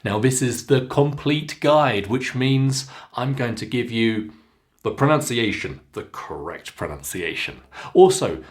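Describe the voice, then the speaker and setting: A man with a British accent teaching pronunciation, speaking clearly and deliberately as he models each vowel sound for learners. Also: mid-range voice. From Britain. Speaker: pronunciation coach. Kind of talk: pronunciation lesson to camera.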